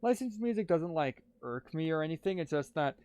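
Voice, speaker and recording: A man's voice: a little high, animated, fairly quick, darkish tone, a little hiss or hum. Rambling tired male game commentator. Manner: rambling, filler-heavy, talkative. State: tired, yawning. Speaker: let's-play commentator. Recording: faint game music behind.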